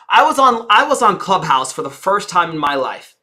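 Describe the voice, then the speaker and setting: Teaching a live audience, a female speaking coach is theatrical and engaging, deliberately slowing down, lowering her volume and pausing dramatically for effect while asking listeners questions. Her mid-range voice is very animated with a sharp tone.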